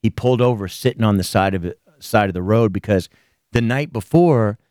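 A man's voice: fairly low pitch, brisk, a little mellow, dry recording, studio quality. A man hosting a podcast, telling a story animatedly with lots of swearing in casual chat. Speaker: podcast host.

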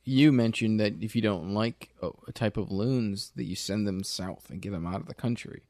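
Earnest man with a low, dry voice. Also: normal speed, a little mellow, no echo. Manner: earnest, hesitant questioning with restarts. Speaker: interviewer. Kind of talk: improvised comedy interview.

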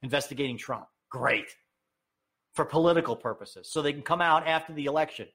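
A man giving an opinionated political rant, heated and sarcastic, with sudden high, emphatic outbursts. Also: a little fast, bright, forceful tone. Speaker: political commentator.

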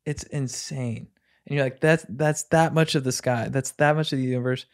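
A man's voice: medium pitch, fairly even intonation, normal speed. A man chatting on a casual podcast, enthusiastic and rambling, often restarting sentences.

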